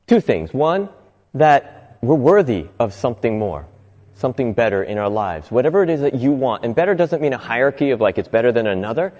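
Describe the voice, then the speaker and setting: A man hosts a reflective motivational talk in a warm, mid-range voice, telling stories earnestly and laughing often. He briefly acts out the people he quotes, and the recording has long reverb.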